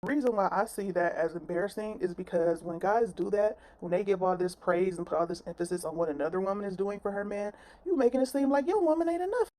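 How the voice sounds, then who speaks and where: A woman's voice: mid-range voice, quick pace, hardly any pauses, darkish tone. A woman giving blunt, sassy reaction commentary on a clip, with plenty of slang. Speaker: commentary vlogger.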